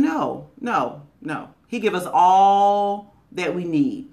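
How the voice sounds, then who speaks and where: A woman's voice: on the low side, lively intonation, measured pace, hardly any pauses. A woman giving a motivational talk in a conversational, folksy way. She is emphatic and repeats key phrases, drawing them out. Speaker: motivational speaker.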